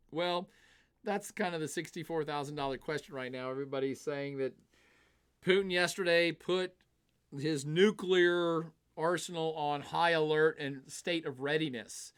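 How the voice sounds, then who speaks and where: A man giving casual live-streamed political commentary, chatty and animated, reading viewer comments and acting out quoted nations. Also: on the high side, smooth.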